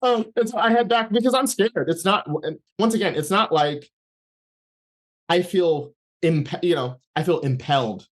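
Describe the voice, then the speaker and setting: A man's voice: sits high, moderate pace. A man as an interview guest, giving a personal faith testimony in a rambling storytelling way, with frequent restarts and acted-out thoughts.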